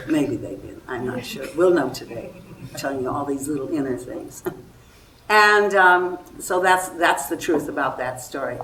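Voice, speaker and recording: A low-voiced older woman tells stories before an audience, acting out everyone she quotes. She is picked up from far off in a roomy hall with a faint hiss behind her. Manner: animated storytelling, acts out quoted voices. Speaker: guest actress. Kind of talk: anecdotal festival talk.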